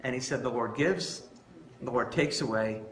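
A man preaching a sermon as pastor, conversational and animated, telling stories and asking rhetorical questions. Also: medium pitch, moderate pace, echoey room, slight background noise. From Long Island, New York.

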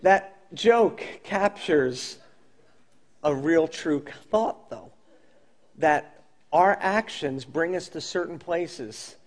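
Male pastor, sermon delivery, high-pitched, earnest storyteller, goes soft and intimate.

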